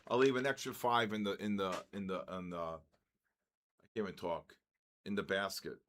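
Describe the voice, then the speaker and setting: Older man, trading stream host, live market commentary, excitable, greets viewers, stumbles over words. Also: deep voice, normal speed, slight background noise.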